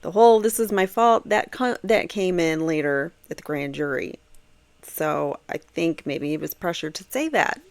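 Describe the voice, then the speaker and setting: A woman with a lowish voice talks through a court case for her crime podcast. She is casual and chatty, with many fillers and restarts. The sound is close and dry, recorded at a home computer. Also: normal speed, vocal fry, dry recording. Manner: conversational, thinks aloud with many fillers. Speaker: true crime podcast host. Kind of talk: casual commentary on court testimony. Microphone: home computer setup.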